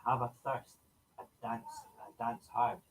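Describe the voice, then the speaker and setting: A man's voice: mid-range voice, level tone, unhurried, very noisy, voice pushed up, lightly acted. A man voicing a jolly Scottish man at a ceilidh dance, reciting a rhyming poem in a put-on Scottish accent with a sing-song lilt. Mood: merry.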